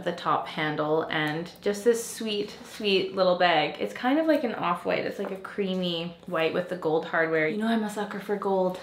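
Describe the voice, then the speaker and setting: A woman's voice: mid-range voice, a bit bright. A young woman vlogging to camera in a casual haul chat, gushing and bubbly, laughing often as she shows off new things. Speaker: lifestyle vlogger. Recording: roomy echo.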